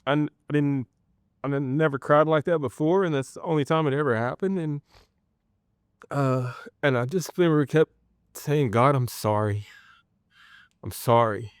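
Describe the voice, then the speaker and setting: A man telling his personal faith testimony in an interview, earnest and halting, with many pauses and restarts. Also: a little high, smooth, no echo, studio quality. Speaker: guest sharing a personal testimony.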